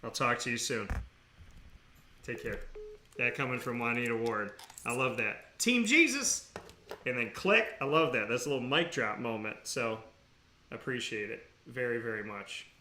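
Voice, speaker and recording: A man hosting a talk show segment, telling stories with excitement and sincere, earnest thanks. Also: mid-range voice, moderate pace, a little hiss or hum. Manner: excitable, laughing storyteller, then quiet and earnest. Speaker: radio show host.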